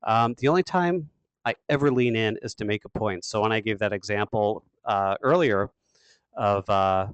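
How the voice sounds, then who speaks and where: A man giving a sales training webinar, talking quickly and with emphatic energy. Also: on the low side, clear, resonant tone, no room sound. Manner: fast, emphatic, energetic delivery. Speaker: sales coach.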